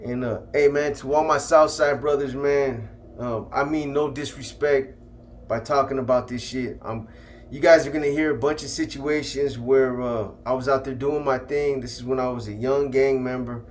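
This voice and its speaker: A man recounts his past in relaxed, slangy storytelling, often tacking on "man". His voice sits at an ordinary middle pitch. A faint hiss of room noise sits behind him. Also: moderate pace. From California. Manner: laid-back street slang, trailing off with "man". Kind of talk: casual first-person storytelling.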